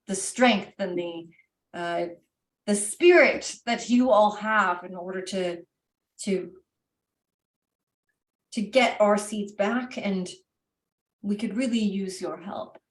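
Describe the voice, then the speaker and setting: A woman's voice: mid-range voice, takes it slowly, pauses often, close to an everyday voice. A woman voicing a grateful, formal male wereraven winemaker, recorded roomy and from a distance. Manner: polite, formal and heartfelt.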